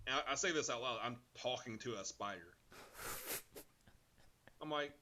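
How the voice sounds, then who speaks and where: A man's voice: medium pitch, moderate pace, long pauses, background noise. A man co-hosting a podcast, telling a story in a laid-back, casual way and swearing freely. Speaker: podcast co-host. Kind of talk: casual chat.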